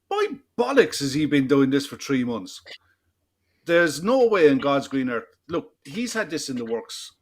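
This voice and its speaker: A man's voice: medium pitch, very animated, unhurried. A man co-hosting a football podcast, talking bluntly and emphatically and swearing freely in casual chat. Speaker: podcast co-host.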